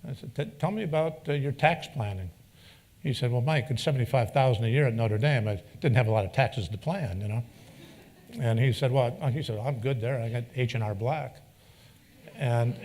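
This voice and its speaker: A middle-aged man speaks to a live audience in an anecdotal, storytelling way. His voice sits in a middle pitch range. He livens up the quoted dialogue in his tale. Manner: folksy, animated, acts out quoted dialogue. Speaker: keynote speaker. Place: event venue before an audience.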